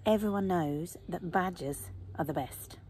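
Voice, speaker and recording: A woman's voice: lowish voice, a little slow, a little hiss or hum. A woman reading a picture book aloud to young children, asking them questions and often whispering. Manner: animated, asks young listeners questions, drops to whispers. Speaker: children's storyteller.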